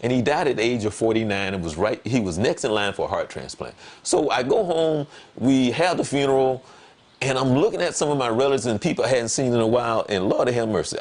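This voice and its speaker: A man's voice: medium pitch, quick pace. A man talking as a guest on a talk show, in casual conversation, telling stories emphatically with repetition, his voice jumping up whenever he quotes himself. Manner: animated, voice jumps up when quoting himself.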